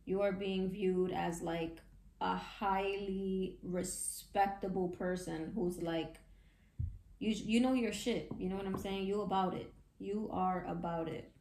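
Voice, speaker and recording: A woman giving a casual tarot reading, chatty and excitable, with slangy talk and frequent laughs. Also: medium pitch, a little slow, reverberant. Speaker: tarot reader.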